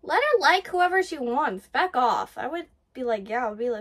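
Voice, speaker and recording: A woman hosting an anime reaction, gushing and excitable as she comments live and swears freely. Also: high-pitched, moderate pace.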